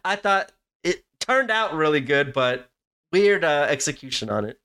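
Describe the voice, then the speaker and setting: Slightly high-voiced man chatting loosely. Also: sing-song, moderate pace, sharp tone, smooth. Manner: rambling, heavy use of "like", profane. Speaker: podcast co-host. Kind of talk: casual podcast chat.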